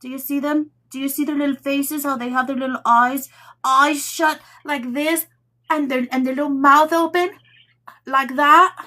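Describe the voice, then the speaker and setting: Bright, high-voiced woman chatting. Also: normal speed. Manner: animated storytelling, laughing, acting out quotes. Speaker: tarot channel host. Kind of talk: casual chat to viewers.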